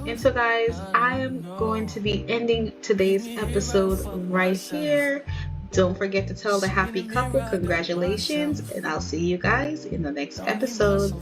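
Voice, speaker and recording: Slow, chatty woman narrating a let's play. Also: medium pitch, music in the background. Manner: chatty, gushing, addresses viewers directly. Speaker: gaming channel host.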